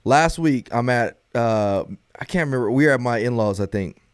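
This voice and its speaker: A man in his thirties, a father, telling a story in a relaxed podcast chat and often addressing the others as "bro". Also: medium pitch, normal speed, smooth, no room sound, clean studio sound. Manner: laid-back storyteller who keeps saying "bro". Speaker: podcast co-host.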